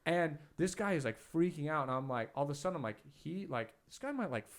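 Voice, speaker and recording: A man's voice: a little high, animated, quick pace. A young man, a podcast host and comic, chatting casually and rambling through a story with lots of "like" fillers. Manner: rambling storyteller, heavy filler "like", acts out quotes loudly. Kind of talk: casual chat.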